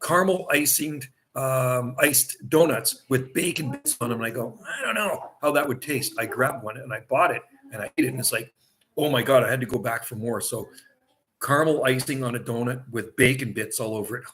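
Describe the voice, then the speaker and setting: A man's voice: mid-range voice, a little fast, a bit bright. Chatty rambling man livestreaming. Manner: rambling, chatty, laughs often. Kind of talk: casual livestream chat. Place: vacation home by the sea.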